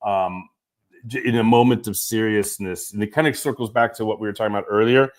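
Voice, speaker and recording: A middle-aged father hosting a casual chat with his daughter, earnest and halting, often breaking off and restarting. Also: on the low side, steady tone. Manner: halting, self-interrupting, earnest. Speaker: podcast host, father.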